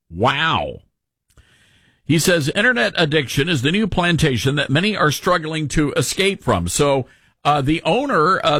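A man's voice: on the high side, fairly bright tone, breathy edge, dry recording. A man hosting a talk radio show, giving mocking, sarcastic commentary into a studio microphone.

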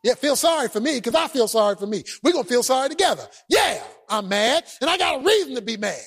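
A man acting out an aggrieved, self-pitying prophet who complains quickly and indignantly. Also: very high voice, big pitch swings, vocal fry, fairly bright tone, breathy edge, heavily acted.

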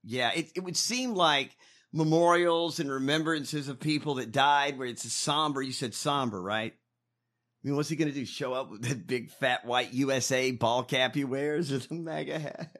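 A man co-hosting a comedy podcast, talking in a loud, profane, ranting way. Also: medium pitch, normal speed. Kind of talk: casual profane comedic chat.

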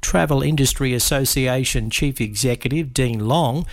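Steady radio newsreader man. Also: medium pitch. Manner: steady, measured delivery. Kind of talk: radio news bulletin reading.

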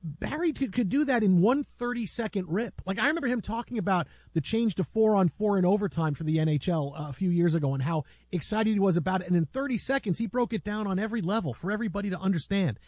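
A man's voice: high-pitched, fast, a little mellow, dry recording. A man hosting a casual sports talk show, rambling with many restarts as he tells stories about a colleague.

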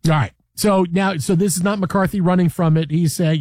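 A high-pitched man on a sports talk show, pressing his point hard and circling back to it again and again. His voice sits close and dry on the studio mic, with no room around it. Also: steady tone, moderate pace, no echo. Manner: emphatic, repeats himself, mimics coaches yelling. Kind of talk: animated sports radio debate.

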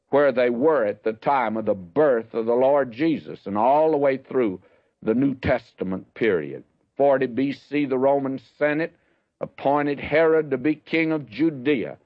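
An older man giving a measured, folksy Bible history lecture. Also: mid-range voice, dry recording. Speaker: Bible teacher. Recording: dull, lo-fi dry recording.

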